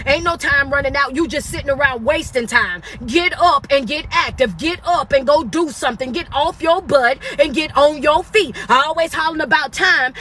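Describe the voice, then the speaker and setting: Brief: high-pitched woman, motivational speaker, emphatic repeated refrains, blunt and scolding. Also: bright, forceful tone. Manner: repetitive, emphatic, preachy refrains. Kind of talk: motivational talk.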